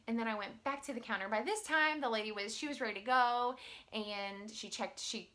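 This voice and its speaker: A woman teacher telling a story to the camera in a chatty, animated way, full of filler words. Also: a little high, moderate pace.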